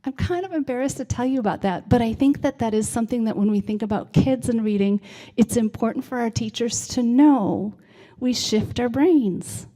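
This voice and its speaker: A woman's voice: a little high, a little fast, few pauses, mellow. A middle-aged woman giving a conversational presentation on reading, often checking in with "right?". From United States. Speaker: literacy presenter. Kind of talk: presentation to a civic audience.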